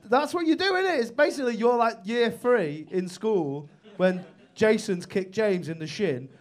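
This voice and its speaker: Brash, sweary comedian doing crowd work. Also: male voice, high voice, animated, normal speed. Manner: brash, sweary, teasing banter with the audience. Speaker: stand-up comedian. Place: comedy club stage.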